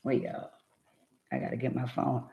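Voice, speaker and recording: A woman's voice: rumbling low, level tone, normal speed, gravelly, echoey room, highs cut off. A woman telling her own life story to her viewers in an emphatic, rambling, casual way.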